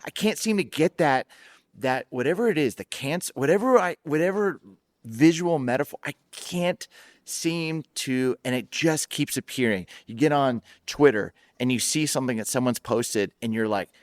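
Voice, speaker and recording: A man in his forties hosting a podcast, speaking in an animated, personal storytelling way in casual conversation. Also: mid-range voice, normal speed, no echo, studio quality. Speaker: podcast host.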